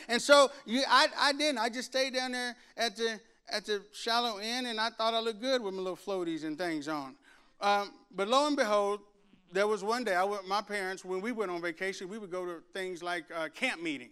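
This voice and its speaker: A man delivering a sermon in a church, moving from a quiet prayer into an animated story told with acted-out voices and rising shouts. His voice sits high and carries a bright, clear ring. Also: normal speed. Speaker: preacher. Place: church sanctuary.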